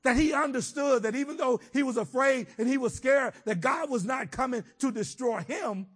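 High-voiced preacher shouting out his sermon. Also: normal speed, husky. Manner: preaching with rising shouted emphasis, then dropping to quiet reflection.

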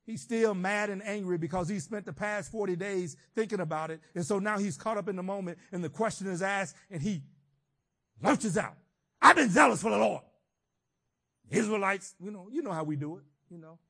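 A man preaching a sermon, swinging between shouted emphasis and quiet, reflective teaching. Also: high voice, a little fast, hardly any pauses.

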